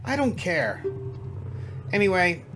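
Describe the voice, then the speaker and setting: A man's voice: high voice, wildly swooping pitch, takes it slowly, pitched above the performer's own voice, heavily acted. A man doing haughty fish princess Ruto. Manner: bossy, indignant line reading. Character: haughty young fish princess, bossy and proud. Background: game music.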